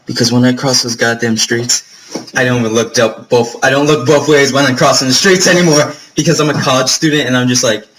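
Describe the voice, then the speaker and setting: A young adult vlogger from New York talks straight to camera in a casual monologue, rambling through profane stories packed with fillers. His medium-pitched voice is steady, fairly bright, and a little fast, and the recording quality is low.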